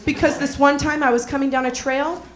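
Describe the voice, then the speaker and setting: A woman's voice: high voice, little pitch movement, brisk, reverberant. A young woman from Minnesota doing a stand-up comedy set on a club stage, sardonic and playful, laughing at her own jokes.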